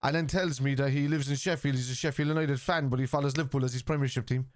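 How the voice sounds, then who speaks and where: An Irish man hosting a live football watchalong, bluntly arguing with his chat, swearing freely and shouting at chances. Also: mid-range voice, fairly even intonation, fast, dry recording, clean studio sound. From Ireland.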